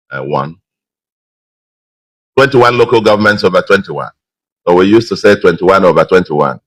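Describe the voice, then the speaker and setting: A middle-aged man with a Nigerian accent giving an emphatic, measured victory speech as governor, with frequent fillers. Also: sits low, a bit bright, dry recording, low-quality recording. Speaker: state governor.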